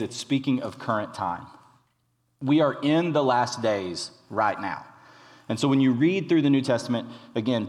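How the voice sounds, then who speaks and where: A man, a college pastor, giving a conversational sermon full of fillers and restarts. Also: medium pitch. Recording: reverberant hall.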